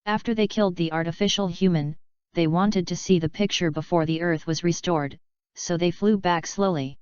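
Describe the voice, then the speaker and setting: A woman narrates an audiobook in a steady, flat reading. Her voice is lowish and very smooth. The recording is dry and a bit lo-fi. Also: normal speed, dry recording.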